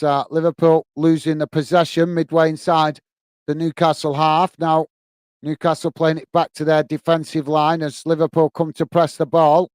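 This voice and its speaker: A man's voice: fairly high pitch, darkish tone, clean tone, no echo. A British man hosting live fan commentary of a football match, reading out viewer comments and calling people "mate" in a blunt, chatty way. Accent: British English. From England. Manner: calls "mate" often, blunt and chatty, gets openly irritated.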